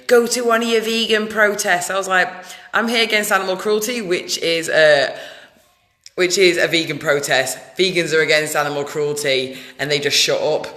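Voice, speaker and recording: A woman ranting in a casual vlog, loud, blunt and indignant. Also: sits low. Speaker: vlogger, animal rights activist. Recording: echoey room with long reverb.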